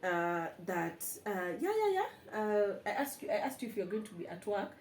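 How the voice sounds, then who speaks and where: A woman's voice: mid-range voice, normal speed, a little hiss or hum. A young Kenyan woman hosting a casual chat, telling stories with frequent laughter. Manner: animated storyteller, laughs often. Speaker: vlog host. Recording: echoey room with faint ambience.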